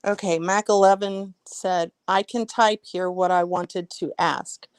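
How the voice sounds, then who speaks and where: A woman's voice: on the low side, steady tone, unhurried, clean tone, dry recording, clean studio sound. A woman hosting a live stream, talking casually and bluntly, swearing freely and speaking her mind. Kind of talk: casual chat.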